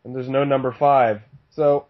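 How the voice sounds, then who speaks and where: A man's voice: mid-range voice, level tone, moderate pace. Casual male podcast guest, profane, laughing storyteller, dull lo-fi recording. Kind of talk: casual chat. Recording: dull lo-fi sound.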